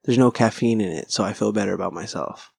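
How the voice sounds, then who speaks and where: A man's voice: lowish voice, quick pace, vocal fry, slightly rough, dry recording, clean studio sound. A man hosting a casual solo podcast, rambling, swearing and poking fun at himself. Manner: rambling, profane, self-deprecating. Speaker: podcast host and stand-up comic.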